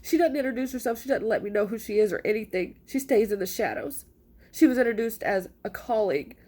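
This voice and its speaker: A mother recounts her own experience in a fast, emphatic, indignant way. Her woman's voice sits a little high and presses every point with frustration. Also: animated, warm tone. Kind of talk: personal account to camera.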